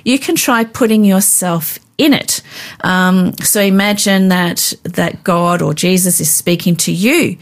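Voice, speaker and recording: A woman with a gravelly, somewhat low voice speaks in a calm, practical teaching tone. She walks a listener through devotional habits step by step. Her delivery sounds earnest and instructive, like a conversation. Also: a little slow. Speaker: co-host teaching Bible reading. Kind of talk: casual devotional teaching chat.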